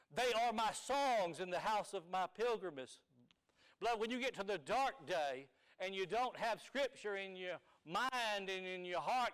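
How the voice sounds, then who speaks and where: A man preaching a sermon, explaining Hebrew and Greek words, moving from soft talk to loud emphasis. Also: high voice, clear, resonant tone, poor audio.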